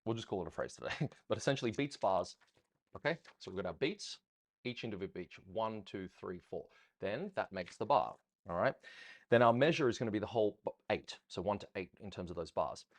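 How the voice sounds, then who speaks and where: A man teaching ballroom dance in a rambling, chatty Q&A style, often counting beats out loud. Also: lowish voice, lively intonation, fast, no room sound. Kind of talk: casual teaching Q&A.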